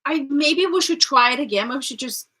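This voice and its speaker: A woman's voice: sits high, expressive, fairly quick, pushed and bright. A young woman co-hosting a casual chat, laid-back and a little hesitant. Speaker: co-host.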